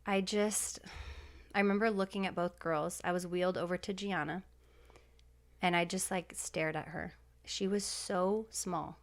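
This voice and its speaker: A woman's voice: fairly low pitch, steady tone, a little slow. A woman in her thirties, a podcast guest, telling a personal story in a heartfelt, emotional way with many fillers.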